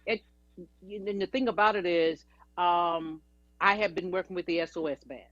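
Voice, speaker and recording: A woman's voice: fairly low pitch, normal speed, fairly bright tone, no echo. A woman guest, a singer and actress, telling chatty, anecdotal stories in an interview. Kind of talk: storytelling interview. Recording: dry, dull lo-fi audio.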